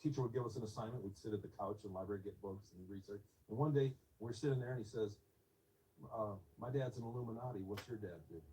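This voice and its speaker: A man in his fifties telling a personal story in an interview, soft, reflective and a little hesitant. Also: lowish voice, quick pace, far from the mic, rough recording.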